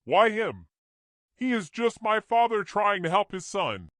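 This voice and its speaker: A man's voice: sits high, very animated, a little slow, a bit bright, dry recording, pitched above the performer's own voice, exaggerated voice. A man voicing an anxious young man who stammers and pleads. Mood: scared.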